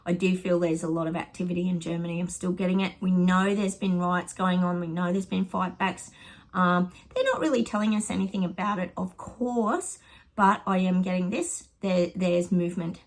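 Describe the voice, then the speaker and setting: A woman's voice: fairly low pitch, fairly even intonation, normal speed, low-quality recording. A middle-aged Australian woman chatting casually to her viewers at home, rambling with lots of ums and friendly asides. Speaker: psychic vlogger.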